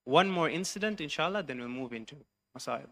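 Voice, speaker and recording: Guy preaching in a mosque, telling a story, bright sharp voice, pretty high. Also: expressive, a little fast. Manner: retells a story, switching between English and recited Arabic phrases. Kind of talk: storytelling sermon. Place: mosque hall.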